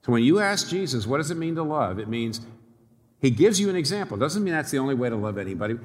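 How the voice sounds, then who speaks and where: A man preaching a sermon in an animated, wry way, often chuckling at his own irony. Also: medium pitch, fast, in a large hall.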